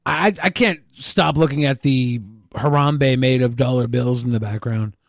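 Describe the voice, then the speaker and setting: A man's voice: medium pitch, moderate pace, gravelly, no room sound. A man co-hosting a podcast, joking sarcastically in casual chat. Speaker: podcast co-host.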